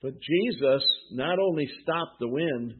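A pastor preaching a sermon who asks the congregation questions and answers them himself. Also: male voice, on the high side, animated, unhurried, breathy edge. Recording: tinny phone-like sound.

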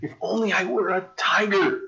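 A man's voice: sits high, fairly even intonation, moderate pace, creaky, pushed and bright, roomy sound, highs cut off, heavily acted. A man voicing a frightened, pleading male mouse from a story he tells, in a whiny, begging way.

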